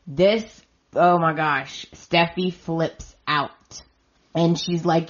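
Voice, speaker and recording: Slow-talking woman in a chatty recap. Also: low voice, fairly even intonation, lo-fi sound. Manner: chatty, retells scenes with quoted dialogue and "she's like". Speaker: podcast host. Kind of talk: casual soap opera recap.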